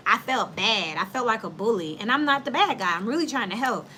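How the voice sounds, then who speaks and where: A woman does a casual tarot reading in a fairly high voice with a bright, forceful edge. She talks bluntly and with animation, full of slang, and she laughs often between her points. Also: lively intonation, fairly quick, slight background noise. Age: adult with children. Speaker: tarot reader.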